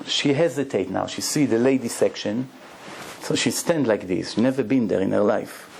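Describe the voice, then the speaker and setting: A rabbi tells a long story with a gravelly, mellow voice, acting out every exchange as he goes. His English is broken, and he drives the tale forward in the rhythm of a lecture. His tone stays steady and unhurried throughout. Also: lowish voice, a little hiss or hum. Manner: animated storyteller acting out dialogue; broken, non-native-sounding English grammar.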